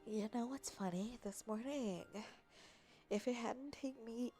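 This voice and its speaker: A woman's voice: on the high side, measured pace, warm tone. A woman streamer in casual, rambling chat, teasing and joking as she reads comments aloud. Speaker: VTuber streamer. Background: faint background music.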